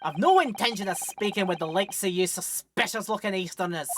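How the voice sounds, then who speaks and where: A woman's voice: mid-range voice, brisk, a little hiss or hum, natural voice. A woman voicing a hostile, suspicious middle-aged male prison governor in a put-on general Scottish accent, with game music behind. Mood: gruff, suspicious. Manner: blustering, suspicious.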